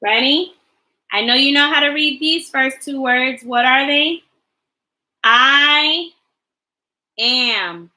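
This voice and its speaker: A woman teacher leading a livestreamed lesson for young children, encouraging them and spelling out words slowly for them to repeat. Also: high-pitched, sharp tone, poor audio.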